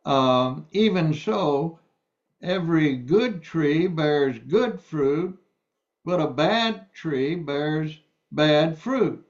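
A man preaches a sermon in a slow, deliberate way, leaning on key words as he reads scripture and explains it. His voice sits a bit high for a man. The recording sounds dull and lo-fi. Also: lively intonation.

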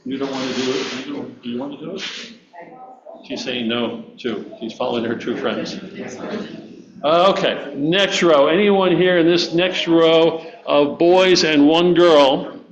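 A man with a fairly high voice leads a church group through a memory verse, repeating lines and coaxing everyone to join in. The recording sounds dull and lo-fi. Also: unhurried, a crowd in the background. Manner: encouraging, repeats and coaxes listeners to join in. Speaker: church teacher leading children. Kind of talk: teaching a memory verse to a congregation.

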